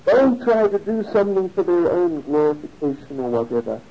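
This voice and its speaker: A man telling a religious story in a sermon, animated and given to chuckling. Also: high-pitched, brisk. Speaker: religious speaker. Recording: dull lo-fi recording.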